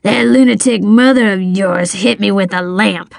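A woman's voice: mid-range voice, moderate pace, vocal fry, dry recording, clean studio sound. A woman voicing a cold, sly middle-aged male crook in an audiobook, bribing and snarling. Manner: sly, wheedling, then snarling.

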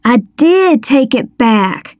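A woman's voice: a little high, measured pace, no room sound, studio quality, close to an everyday voice. A woman voicing a timid young boy who stammers and pleads. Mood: nervous.

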